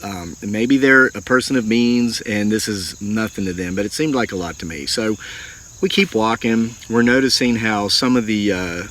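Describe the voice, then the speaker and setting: Middle-aged guy, kinda low voice, folksy and earnest, tells it like a yarn, faint bugs chirping. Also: normal speed, a little hiss or hum. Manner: folksy, earnest, animated retelling with acted quotes. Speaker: homesteading channel host. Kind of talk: storytelling monologue.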